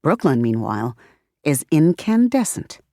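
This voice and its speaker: Delivering scripted audiobook narration, a woman speaks in a deep voice with calm, even storytelling. There's no echo, and the audio is studio quality.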